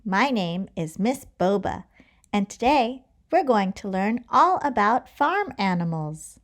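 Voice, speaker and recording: A woman's voice: medium pitch, big pitch swings, takes it slowly. A woman hosting a toddler lesson, speaking in a sing-song way and imitating farm animal noises. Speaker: children's teacher.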